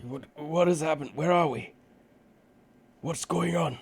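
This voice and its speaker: A man voicing a group of panicked male wizards who shout in high, strained voices. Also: a little slow, slightly rough. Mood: alarmed.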